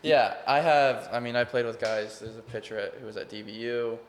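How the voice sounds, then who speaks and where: A young Texan man, mid-pitched, who tells his story earnestly. He rambles, restarts his sentences, and leans on "like" as he goes. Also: fairly even intonation, a little fast, slight background noise. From Texas. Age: young adult. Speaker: college baseball player, guest. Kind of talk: casual interview chat.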